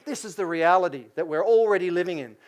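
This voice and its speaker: Lively Australian man giving a keynote. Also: high-pitched, quick pace. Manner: lively, asks the audience questions, acts out quotes. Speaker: keynote speaker. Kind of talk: business keynote lecture.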